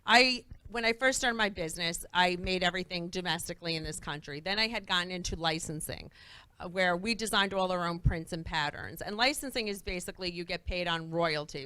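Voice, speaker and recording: A woman guest in a talk-show interview before a live audience, telling stories with lively energy and acting out the dialogue. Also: lowish voice, smooth, no echo. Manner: animated, acts out quoted dialogue.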